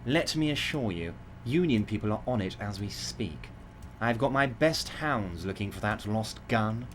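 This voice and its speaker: A man voicing a large, jovial, scheming male union boss in a game playthrough, smooth and falsely reassuring. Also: lowish voice, animated, a little slow, slight background noise. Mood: smug.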